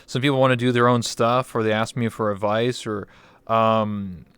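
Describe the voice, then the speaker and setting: A man's voice: fairly low pitch, fairly even intonation, normal speed, a bit bright, clean tone, no room sound. A man hosting an interview show, chatting casually and animatedly acting out other people's reactions as he tells stories. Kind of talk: casual chat.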